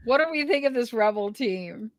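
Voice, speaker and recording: A woman hosting a podcast in casual chat, leading the discussion in a lively way. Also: on the high side, moderate pace, no room sound. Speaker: podcast host. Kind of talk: casual chat recapping a reality show.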